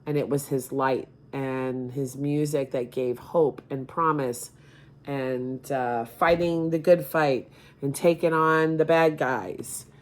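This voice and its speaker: A middle-aged woman speaking as a grieving mother, emotional and halting, near tears at times. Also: very deep voice, fairly even intonation. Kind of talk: personal appeal to camera.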